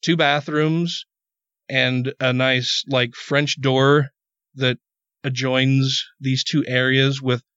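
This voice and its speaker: A man's voice: mid-range voice, flat delivery, takes it slowly, fairly bright tone, clear, resonant tone, dry recording. A man hosting a podcast, telling a rambling story in casual chat, cursing freely and repeating words when worked up. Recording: dull, dry podcast audio.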